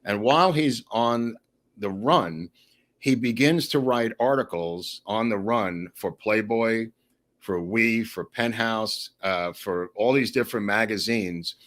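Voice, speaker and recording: Low-pitched guy on a podcast, rambling storyteller, keeps going off on tangents. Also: slow pace. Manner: animated, rambling anecdotes addressed to the host. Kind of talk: casual storytelling.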